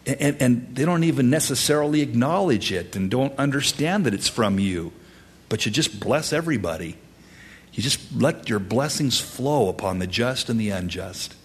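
A man preaching an expository sermon to his congregation, animated, swinging between loud high emphasis and hushed whispers. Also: normal speed, breathy edge. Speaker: pastor.

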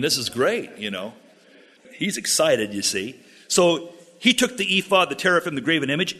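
A man's voice: on the high side, sharp tone. A man preaching through scripture verse by verse and paraphrasing it in wry, casual terms. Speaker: pastor. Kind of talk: expository sermon.

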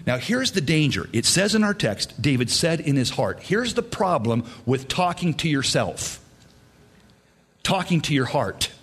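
A man's voice: a little high, sing-song, a little slow, a bit bright, breathy edge. A man preaching a sermon in an emphatic, repetitive way. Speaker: pastor.

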